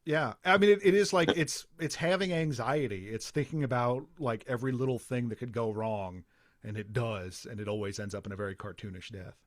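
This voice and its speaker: A man's voice: medium pitch, brisk, dry recording. Dry-voiced male podcast host, rambling. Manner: long, rambling explanations. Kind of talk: casual podcast chat.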